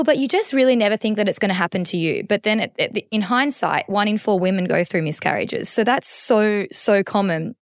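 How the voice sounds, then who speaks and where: A woman in her thirties talks openly as an interview guest. Her voice is smooth and resonant. It sits in a dry, close room. She rambles a little, doubling back and reaching for words as she goes. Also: medium pitch, no room sound. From Australia. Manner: candid and emotional, many restarts and "like"s. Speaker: podcast guest. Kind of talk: conversational interview.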